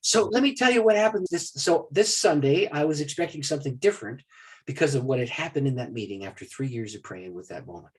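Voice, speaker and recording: A man from Maine, a guest speaker on prayer, telling personal stories in a podcast interview. He tells them animatedly and drops to a hushed voice for solemn moments. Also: mid-range voice, fast talker, slightly rough.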